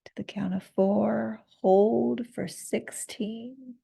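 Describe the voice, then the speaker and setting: A woman leading a guided breathing and self-massage meditation as the teacher, speaking softly and gently, and laughing easily at her own slips. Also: on the high side, fairly even intonation, slow, vocal fry, slightly rough. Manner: soft, gently guiding, laughs at herself.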